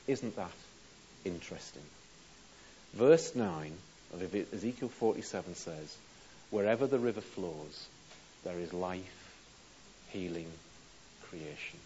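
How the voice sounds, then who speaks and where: Man, preacher, lively storytelling sermon, slightly muffled, light hiss. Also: sits low. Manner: animated, acts out dialogue with rising volume. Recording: slightly dull with faint hiss.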